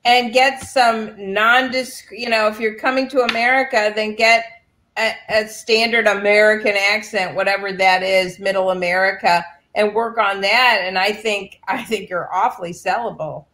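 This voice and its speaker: A woman casting director on a video call, giving calm and direct advice. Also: mid-range voice, moderate pace.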